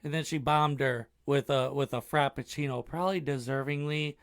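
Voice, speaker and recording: A man's voice: medium pitch, fairly even intonation, moderate pace. A man co-hosting a casual live chat show, blunt and opinionated, with a joking edge. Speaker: podcast co-host.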